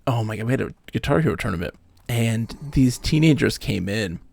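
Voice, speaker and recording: A man in his late thirties, a streamer telling casual stories while he plays a game, animated, acting out the people he quotes and swearing casually. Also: fairly low pitch, brisk, vocal fry. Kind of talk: casual storytelling while gaming. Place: home streaming setup.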